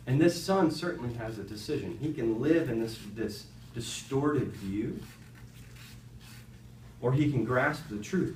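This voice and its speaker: A man's voice: mid-range voice, recorded from a distance, slight background noise. Man teaching a roomy classroom. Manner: animated storytelling with rhetorical asides to the class. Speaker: youth speaker teaching a class. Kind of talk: conversational Bible lesson. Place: high school classroom.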